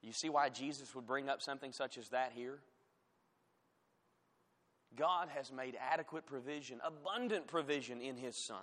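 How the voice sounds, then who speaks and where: A man's voice: medium pitch, moderate pace, pauses often. Emphatic preaching man in a reverberant church. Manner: emphatic preaching, rising loud on scripture, dropping to quiet asides. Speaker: pastor. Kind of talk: sermon. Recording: long hall reverb.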